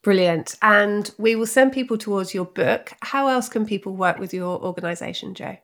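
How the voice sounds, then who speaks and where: A woman's voice: medium pitch, moderate pace, a bit bright. Enthusiastic woman podcast host. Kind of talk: conversational interview questions.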